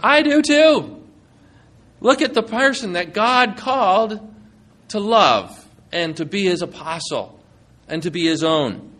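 A male preacher giving a sermon, retelling scripture with animated storytelling and acting out the quoted lines. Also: high-pitched, a little slow.

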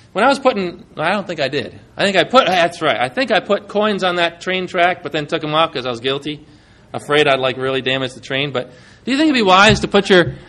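A man with a high, light voice preaching from the pulpit. He reads scripture aloud and questions his listeners directly, his delivery swinging between loud emphatic peaks and hushed, low lines. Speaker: pastor. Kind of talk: sermon.

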